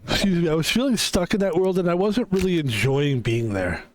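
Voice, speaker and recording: A man's voice: a little high, expressive, fairly quick, noisy background. A man streaming a game, chatting casually in a rambling, tired way with lots of fillers. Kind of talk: casual gaming stream chat. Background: game music.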